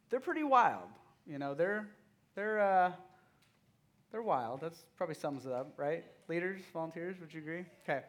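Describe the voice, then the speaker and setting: Animated youth pastor, a man. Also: fairly high pitch. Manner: animated storytelling with many fillers. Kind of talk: casual youth sermon.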